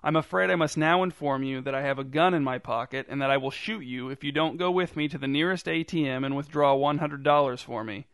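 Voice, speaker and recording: A man's voice: a little high, brisk, gravelly, hardly any pauses, fairly bright tone, clean tone, dry recording, clean studio sound. A man voicing a hapless, overly polite would-be mugger who rambles nervously. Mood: awkward. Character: hapless, awkward young male would-be mugger.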